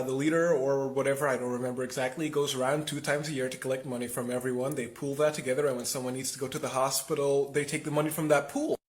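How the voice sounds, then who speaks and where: A man from Europe telling a travel story to camera in a matter-of-fact way. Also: medium pitch.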